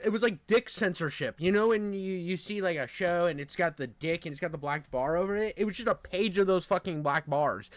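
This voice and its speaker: Nasal high-voiced guy ranting crudely. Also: a bit bright, no echo. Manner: rambling, crude and profane. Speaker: online commentator reacting to a video. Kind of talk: casual reaction commentary.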